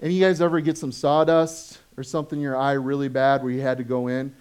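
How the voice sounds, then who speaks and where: A man preaching a sermon as pastor, conversational and full of questions to the congregation, swinging from animated stories to soft, low asides. He has children of his own. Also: quick pace, smooth. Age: adult, has children.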